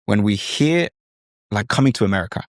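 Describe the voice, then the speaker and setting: A man hosts a podcast conversation in a low, steady voice. He speaks thoughtfully, pausing with fillers as he searches for words. The sound is dry and close, with no room echo.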